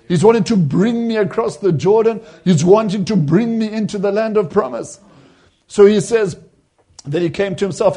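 A man preaching a sermon and recounting a vision. His voice sits high but has a mellow, dark warmth. A husky grain runs through it as he leans into the quoted voices with emphasis.

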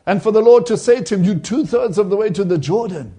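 Husky high-voiced man preaching. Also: expressive, quick pace, dark tone. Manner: quotes voices in the story with rising emphasis. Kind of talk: sermon retelling a vision.

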